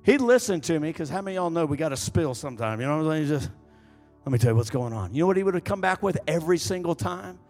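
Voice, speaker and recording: A man preaching a sermon as an evangelist, impassioned and building up to shouting. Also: on the high side, animated, rapid-fire, hardly any pauses, faint music behind. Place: church sanctuary.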